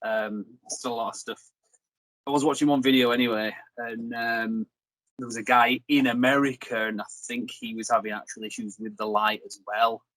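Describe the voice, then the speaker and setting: A man's voice: medium pitch, level tone, moderate pace, fairly bright tone, no room sound, low-quality recording. A young man hosting a review video, rambling and joking in casual chat. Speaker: reviewer and host.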